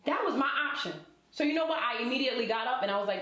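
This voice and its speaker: Lively storytelling woman, higher voice. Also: rapid-fire. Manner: lively, colloquial, addresses listeners directly. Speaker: interview guest, relationship coach. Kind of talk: personal storytelling in conversation. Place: indoor event space. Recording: roomy echo.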